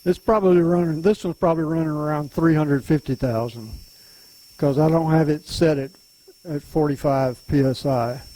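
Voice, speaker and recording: An older man from Louisiana with a softened Southern accent, giving an unhurried, folksy woodworking demonstration to a club. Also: on the high side, low-quality recording. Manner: unhurried, folksy, chuckles often. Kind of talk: casual demonstration talk.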